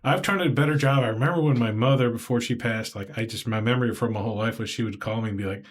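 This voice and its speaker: A man's voice: mid-range voice, fast talker. A man with a Southern US accent hosting a podcast, chatting casually and rambling as he acts out what people said. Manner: rambling, animated, acts out quoted voices. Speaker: podcast host. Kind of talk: casual interview chat.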